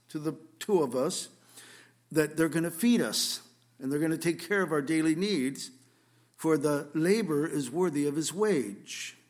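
Male pastor, slightly raised pitch, emphatic sermon delivery with loud questions and soft asides. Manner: emphatic, swings between loud rhetorical questions and quiet asides.

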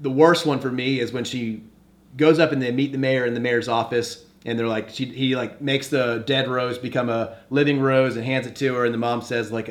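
A man's voice: mid-range voice, steady tone, fairly quick. A man hosting a casual movie-review podcast, talking animatedly and acting out quoted lines as he recaps scenes. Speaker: podcast host.

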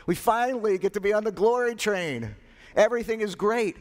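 A man voicing a group of eager, excited male disciples in a sermon, gushing with delight. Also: mid-range voice, normal speed, big-room sound, natural voice. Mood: giddy. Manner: giddy, gushing.

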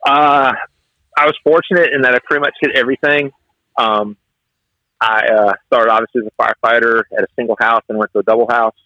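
A man's voice: medium pitch, fairly quick, no room sound, dull audio. A man who is a fire officer, telling stories in a conversational interview and acting out the lines of the people in them. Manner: animated storyteller who acts out quotes.

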